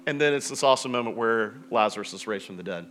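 A man preaching a sermon in a relaxed, conversational storytelling way, with frequent restarts and asides. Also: on the low side, quick pace. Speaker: pastor.

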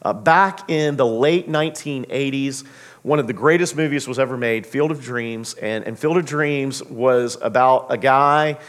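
A man in his thirties preaching a sermon as pastor, telling a story with lively, acted-out quotes. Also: a little slow. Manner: animated storyteller, acts out quotes with big pitch jumps.

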